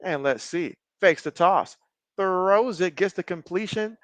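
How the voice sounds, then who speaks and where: A man streaming a game, giving casual play-by-play, reading viewer chat and joking often, getting excitable on big plays. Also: high-pitched, takes it slowly, long pauses, clean tone, no room sound. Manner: jokey, excitable, often laughs. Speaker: live-stream sports commentator.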